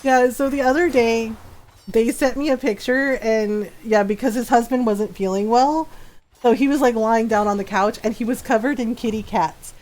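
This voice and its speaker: A woman's voice: on the high side, steady tone, normal speed, darkish tone. A woman live-streaming a game, chatting casually and reading and answering her chat as she tells a story.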